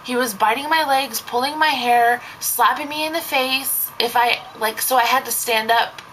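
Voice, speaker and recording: A woman's voice: a little high, normal speed, fairly bright tone, slight background noise, poor audio. A young woman, a babysitter, telling a story in a casual vlog, rambling and saying "like" constantly. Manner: rambling, heavy use of "like".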